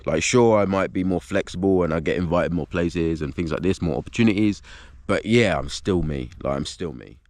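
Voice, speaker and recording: A man with a low, heavy voice talks straight to his camera in a loose vlog monologue. He rambles and swears, looping back with "like" and "do you know what I mean". The recording sounds dry and close. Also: fairly quick, darkish tone, no echo. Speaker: video blogger.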